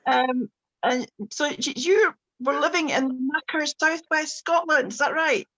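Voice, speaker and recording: Bright high-voiced woman hosting. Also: a little slow, muffled recording. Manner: warm chatty introductions with frequent ums. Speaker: host introducing readers. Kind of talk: online launch event introductions. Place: home, video call. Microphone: video call.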